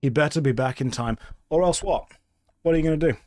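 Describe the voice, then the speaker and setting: A streamer chats casually with viewers while playing a game, trading dry, sarcastic banter with chat. His voice is a little high and a little mellow, he talks fast, and the recording is dry.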